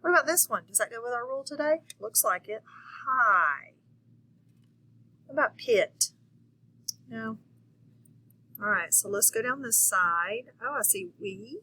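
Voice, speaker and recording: Woman teacher, encouraging phonics lesson voice, bright and slightly husky. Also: a little high, expressive, moderate pace, low-quality recording. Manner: patient, encouraging, checks in often. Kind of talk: phonics lesson for young children.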